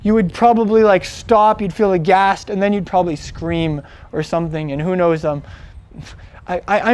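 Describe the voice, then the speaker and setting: A man with a noticeably high voice retells a Bible story in a relaxed, chatty teaching style. He talks like he is telling friends about it, full of "like" and "um", restarting his sentences as he goes. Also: no echo. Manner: conversational, animated retelling with many fillers and restarts. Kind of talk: casual storytelling sermon.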